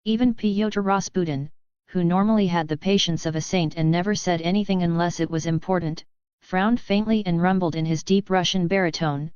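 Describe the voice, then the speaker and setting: A woman reading an audiobook in steady scripted narration. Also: on the low side, normal speed, smooth, no echo, highs cut off.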